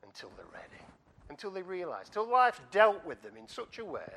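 Male preacher, sermon, bright voice, very animated delivery. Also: high-pitched, a little fast. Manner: animated storytelling, acting out scenes, asides to the congregation.

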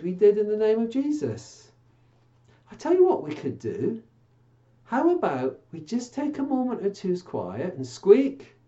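A children's church presenter reading a Bible passage and then chatting playfully with puppets, coaxing and gently scolding them. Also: medium pitch, muffled recording.

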